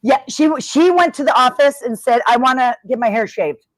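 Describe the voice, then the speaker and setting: In a dry recording, a middle-aged former wrestler talks at a brisk pace in a high-pitched voice. She's a chatty, expressive storyteller in a casual interview, acting out quotes in the voices of the people in her stories.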